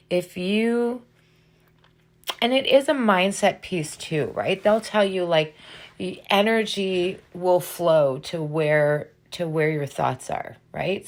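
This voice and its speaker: A woman's voice: fairly low pitch, a little mellow. A middle-aged woman hosting a podcast, giving an earnest motivational talk and checking in with her listeners with a frequent "right?". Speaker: podcast host. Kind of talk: motivational monologue.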